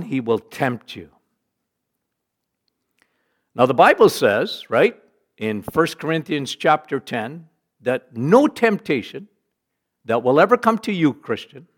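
A middle-aged man preaching a sermon, animated, rising to emphatic bursts and dropping low for weight.

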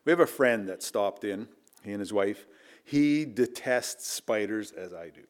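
A middle-aged man preaching in a chapel, telling a personal story with earnest emphasis that drops to hushed asides. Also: fairly low pitch, animated, measured pace. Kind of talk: storytelling sermon.

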